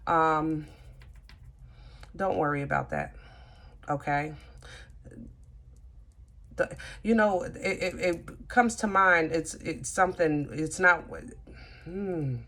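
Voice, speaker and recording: Low-voiced chatty tarot reader woman. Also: very animated, takes it slowly, long pauses, pushed and bright. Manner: chatty, thinks aloud, talks to the cards. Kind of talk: casual tarot reading.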